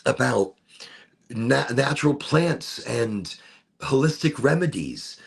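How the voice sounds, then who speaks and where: A man with a gravelly, husky voice talks in a loose, rambling way and often doubles back on his words. He hosts an easygoing smoke session as a casual chat. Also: a little high. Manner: rambling, relaxed, repeats words. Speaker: host of a cannabis smoke session.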